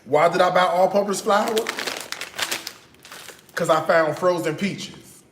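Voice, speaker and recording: A man's voice: high-pitched, slow. A man hosting a cooking channel, chatting playfully through his grocery haul and often checking in with "okay?". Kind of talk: casual grocery haul chat. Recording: echoey room with faint noise.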